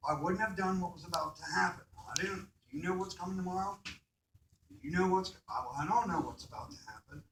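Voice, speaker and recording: A man tells students an emotional story from his own life, stopping often to question the crowd. His voice is bright and a little high for a man. He sounds far from the mic in an echoing school hall. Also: a little fast, gravelly, a little hiss or hum. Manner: asks the audience questions, repeats "right?". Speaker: motivational speaker at a school.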